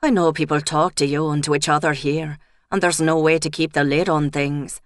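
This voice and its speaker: A woman voicing a nervous young male police officer who speaks in a hushed, careful way. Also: a little high, steady tone, moderate pace, clear, resonant tone, no echo, studio quality, lightly acted. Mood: guarded, confiding.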